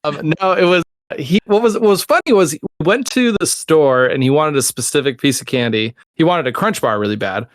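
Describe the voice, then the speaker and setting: A man's voice: a little high, expressive, fairly quick, no echo, studio quality. A man co-hosting a podcast who tells a family story with a laugh, acting out quoted lines. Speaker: podcast co-host. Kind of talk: casual chat.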